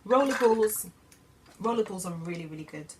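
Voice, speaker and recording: A woman's voice: mid-range voice, lively intonation, normal speed, very noisy. Gushing woman vlogging from bed. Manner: chatty, gushing, trailing off and restarting. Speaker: beauty vlogger. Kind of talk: casual chat to camera. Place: in bed at home.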